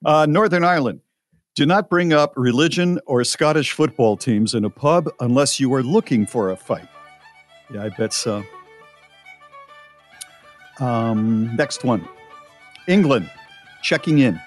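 A man's voice: mid-range voice, unhurried, pauses often, faint music behind. A man co-hosting a radio show, chatting casually and reading out listener posts with his own asides. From United States.

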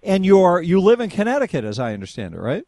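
A man's voice: high-pitched, wildly swooping pitch, fast, warm tone, no room sound. A man hosting a talk radio show, interviewing a guest in a rambling way with many fillers and restarts.

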